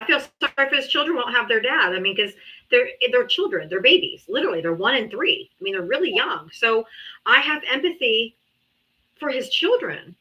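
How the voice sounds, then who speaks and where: Woman host, blunt and offhand, fairly high voice, bright tone, lo-fi sound. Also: sing-song, normal speed. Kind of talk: casual live political talk. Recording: dull lo-fi audio.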